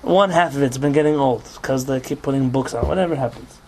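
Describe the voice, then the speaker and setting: A man's voice: mid-range voice, a little fast, a little mellow, slight background noise. A man teaching an informal religious law class as rabbi, explaining with rhetorical questions and Hebrew terms.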